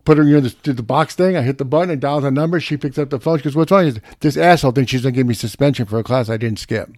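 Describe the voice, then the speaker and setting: A man's voice: mid-range voice, rapid-fire, darkish tone, dry recording, studio quality. A middle-aged man telling a profane, brash story in casual chat.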